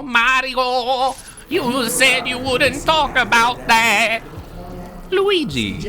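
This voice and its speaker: A man putting on a crass, boastful cartoon plumber voice with bouncy high exclamations. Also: exaggerated voice. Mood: teasing. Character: crude boastful male plumber cartoon hero.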